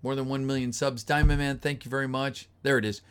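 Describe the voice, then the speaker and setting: On a livestream, a voice actor reads a script in a clean, medium-pitched voice that moves little in pitch, at a quick pace. He chats casually, reading viewer messages aloud and saying hello, his voice getting a little tired.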